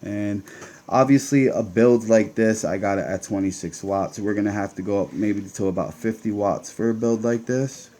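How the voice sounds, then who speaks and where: A vape channel host with a Connecticut accent chats casually with viewers as he works through a hands-on build. His voice runs on the low side with a darkish tone, and he speaks at a normal pace.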